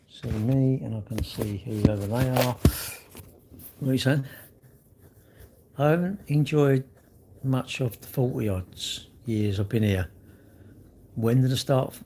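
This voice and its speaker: A man's voice: lowish voice, darkish tone, a little hiss or hum. A middle-aged man hosting a casual livestream, chatting bluntly and jokingly with viewers as he reads their comments. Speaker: livestream host.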